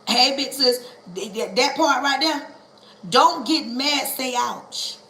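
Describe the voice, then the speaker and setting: Woman preaching live, high bright voice, echoey room, drawn-out church cadence that climbs to shouts. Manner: preachy, calls on listeners to "say ouch"; Southern Black church cadence, stretches words and rises to shouting. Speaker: preacher on a livestream. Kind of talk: livestream sermon.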